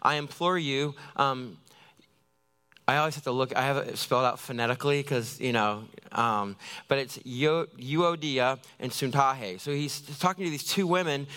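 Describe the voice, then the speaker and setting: A man's voice: mid-range voice, moderate pace, bright, forceful tone, smooth. A man giving a conversational, jokey sermon as a youth pastor, acting out little everyday scenes.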